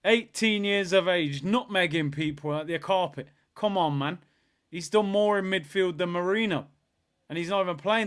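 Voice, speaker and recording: A young man hosts a live football watchalong, talking in a high, bright register. He chats casually to viewers and breaks into excited shouts when the action picks up. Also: moderate pace, clear, resonant tone. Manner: excitable, chatty, bursts into shouts at goals.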